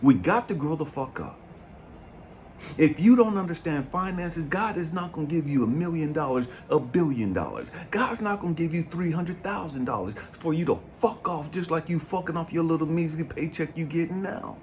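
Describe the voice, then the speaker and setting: A man in his fifties, a life coach giving a blunt, profane motivational talk. He swings from low brooding to loud, fired-up preaching. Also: animated, normal speed, a little hiss or hum. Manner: blunt and profane, keeps asking "you know what I mean". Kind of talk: impassioned motivational monologue.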